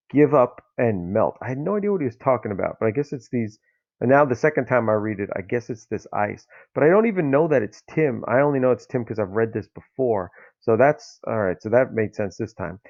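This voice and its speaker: A man's voice: medium pitch, no echo. A man hosting a casual comic book review podcast, talking in a rambling, disbelieving way with plenty of fillers. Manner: rambling, incredulous, lots of fillers. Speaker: podcast host. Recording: dull lo-fi, dry sound.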